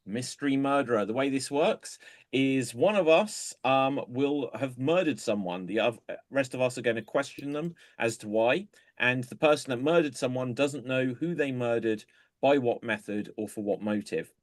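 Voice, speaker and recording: Brisk man hosting improv, dry sound. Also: mid-range voice, no room sound. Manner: brisk, calls on players by name. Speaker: improv host. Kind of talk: hosting an improv game on a video call. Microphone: video call.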